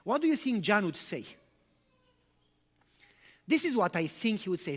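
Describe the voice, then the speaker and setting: A man's voice: sits high, big pitch swings, unhurried, pauses often. A male pastor preaching in a conversational way, with rhetorical questions and non-native English phrasing. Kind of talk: sermon. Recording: long church-hall reverb.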